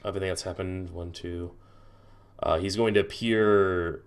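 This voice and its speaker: A man's voice: sits low, fairly even intonation, moderate pace, slight background noise. A man narrating as game master of a tabletop game, hesitant and full of restarts.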